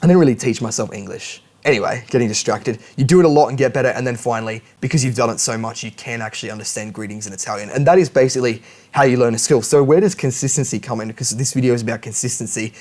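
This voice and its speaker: A man's voice: medium pitch, fast, darkish tone. A young man giving a casual spoken lesson on study habits, chatty and self-correcting, with joking asides. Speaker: language learning YouTuber. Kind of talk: casual educational monologue.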